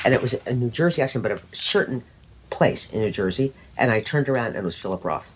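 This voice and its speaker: A woman's voice: rumbling low, animated, quick pace, breathy edge, muffled recording. An older woman being interviewed, talking in an emphatic, opinionated, sardonic way with rambling asides. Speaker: interview guest. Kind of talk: conversational interview.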